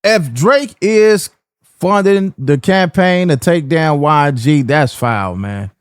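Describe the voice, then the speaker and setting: A man's voice: fairly high pitch, animated, takes it slowly, clean tone, no echo, clean studio sound. A man hosting a reaction video, talking straight to his viewers in a casual way and often stammering and repeating himself. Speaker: reaction channel host.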